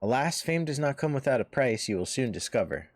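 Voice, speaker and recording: A man voicing a composed woman who leads a heroes' order, reading game dialogue aloud in a formal, measured way. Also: medium pitch, sing-song, no echo, pitched above the performer's own voice, lightly acted. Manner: formal, measured storybook delivery.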